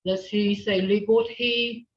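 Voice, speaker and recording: A woman's voice: mid-range voice, fairly even intonation, measured pace. A woman teaching an online language lesson, patiently modeling words for a learner to repeat back. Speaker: language instructor. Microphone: video call. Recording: dull lo-fi video call audio.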